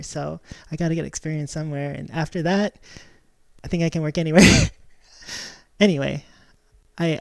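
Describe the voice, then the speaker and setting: A woman's voice: deep voice, vocal fry, a little mellow, no room sound. A woman chatting casually on her live stream, rambling and giggling, often restarting her sentences.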